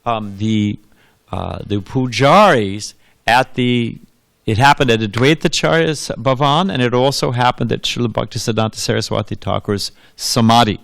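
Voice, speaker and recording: Guy preaching in a temple, tells stories, keeps asking the crowd stuff, dry sound, mid pitch. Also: normal speed, creaky, a bit bright, no echo. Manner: anecdotal, asks the audience questions, laughs often. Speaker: monk giving a temple lecture. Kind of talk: storytelling sermon.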